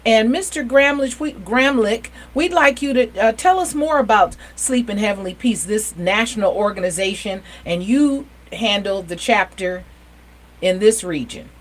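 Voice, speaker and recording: A woman's voice: medium pitch, rough recording. Chatty, upbeat woman host. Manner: chatty, enthusiastic, quick asides. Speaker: community TV show host. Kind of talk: casual interview chat.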